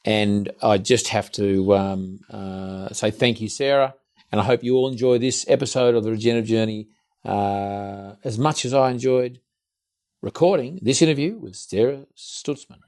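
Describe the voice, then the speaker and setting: A man with an Australian accent hosting a podcast, chatting casually in a home office, often restarting sentences and clearing his throat. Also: lowish voice, moderate pace, darkish tone. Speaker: podcast host. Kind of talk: casual interview chat. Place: indoor multi-purpose room in a home.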